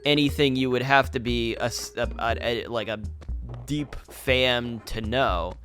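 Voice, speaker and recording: A man's voice: mid-range voice, unhurried, fairly bright tone, soft background music. Rambling young man on game commentary. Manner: rambling and meandering. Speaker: let's play host. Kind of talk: casual gameplay commentary.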